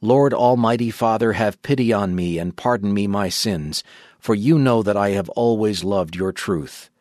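A devout martyr facing death speaks in earnest, steady declamation, as a man reads him out. The voice sits low. The sound is dry and close. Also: normal speed, dry recording, natural voice. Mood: resolute. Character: condemned male martyr, defiant and devout.

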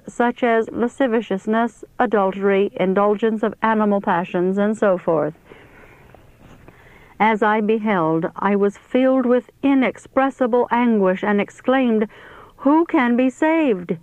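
Woman reading scripture-style text slow and solemn, sounds like it's over a phone, dry. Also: medium pitch, dry recording. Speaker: reader. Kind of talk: scripted narration of a religious text. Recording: tinny phone-like dry recording.

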